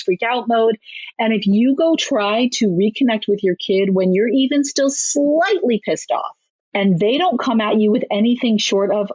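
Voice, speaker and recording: A woman with a husky, slightly breathy voice talks frankly and briskly about parenting, laughing easily as she makes her points. The sound is dry and close, with a dull, lo-fi tone. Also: mid-range voice, a little mellow, no echo. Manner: candid, brisk and down-to-earth, with frequent laughs. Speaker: parenting author and guest. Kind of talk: conversational advice in a podcast interview.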